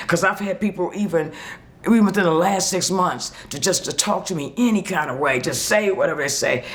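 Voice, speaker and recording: A woman tells her own story of turning her life around. She is emphatic and heartfelt, breaks into laughter often, and plays out the things she once said. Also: lowish voice. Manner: vivid storyteller who acts out her own past words. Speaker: employee sharing a success story. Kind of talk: personal testimonial.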